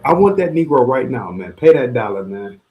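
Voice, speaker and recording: A man calls in to a livestream panel and rants with a lot of repetition. His pitch swings widely, and his delivery is heated and casual. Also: normal speed, a little hiss or hum. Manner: ranting, repeats himself, animated. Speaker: call-in panelist. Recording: online livestream call.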